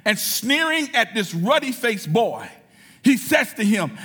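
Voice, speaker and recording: A man preaching a sermon in a church, building from storytelling to shouted, fervent preaching. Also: high voice, big pitch swings, unhurried, breathy edge.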